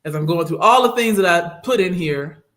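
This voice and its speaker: Animated woman telling a personal story. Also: fairly low pitch, moderate pace. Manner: animated, acts out what others said. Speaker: regular co-host and guest. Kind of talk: casual podcast chat, personal storytelling. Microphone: studio microphone.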